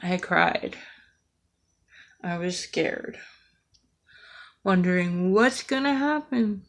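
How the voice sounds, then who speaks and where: A woman's voice: lowish voice, lively intonation, extremely slow. A woman from the United States delivering an earnest, emotional rant, with frequent hesitations and fillers as she talks. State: emotional, near tears. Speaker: vlogger.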